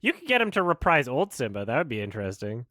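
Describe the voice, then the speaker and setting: A man's voice: medium pitch, sing-song, fast talker, bright, forceful tone, no echo. A man giving exasperated, swearing stream commentary as a film critic, laughing often.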